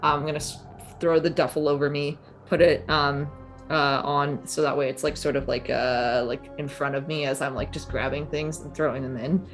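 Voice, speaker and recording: A woman player in a tabletop horror game who talks in a hesitant, meandering way, full of fillers. Her voice sits low for a woman, with faint music underneath. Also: little pitch movement, moderate pace. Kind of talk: tabletop role-play.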